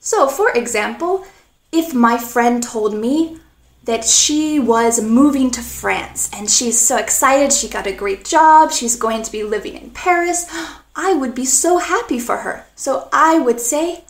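A woman teaching spoken English, speaking slowly and clearly and acting out example phrases with expression. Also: sits high, animated, reverberant. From North America.

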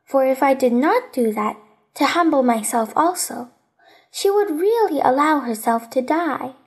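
A woman voicing a small, wistful boy prince from a storybook, speaking in an earnest, softly reflective way. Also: sits high, lively intonation, unhurried.

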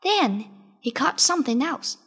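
A woman reading a children's storybook aloud, in a slow, lively, expressive way. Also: high voice, soft background music. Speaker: storybook reader.

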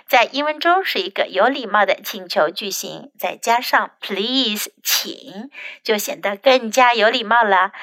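A woman English teacher reading a children's story aloud in two languages, explaining phrases in a slow, storybook manner. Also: a little high, expressive, fairly bright tone, no room sound.

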